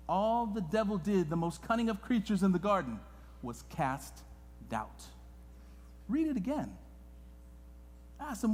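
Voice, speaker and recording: A man preaching a sermon as a guest pastor in a church, moving between hushed and loud, impassioned delivery. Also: sits high, lively intonation, moderate pace. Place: church sanctuary. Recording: long reverb of a church hall.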